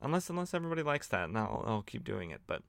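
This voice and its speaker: A man's voice: on the low side, very animated, racing, vocal fry, fairly bright tone, no echo. A man hosting a podcast, chatting casually and sardonically as he recaps old comic books, with lots of fillers and restarts. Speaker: podcast host.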